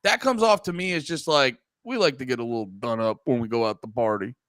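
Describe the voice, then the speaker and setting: A man's voice: medium pitch, fast, dry recording. A man co-hosting a podcast in casual, crude banter, joking and filling his talk with "like.". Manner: lively, joking, lots of fillers. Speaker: podcast co-host.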